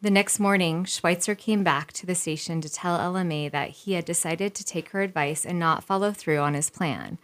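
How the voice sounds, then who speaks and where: Lively woman reading a history tale. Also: lowish voice, moderate pace, few pauses. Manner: lively, breaks off to joke and laugh. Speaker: co-host. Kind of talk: reading a history story aloud.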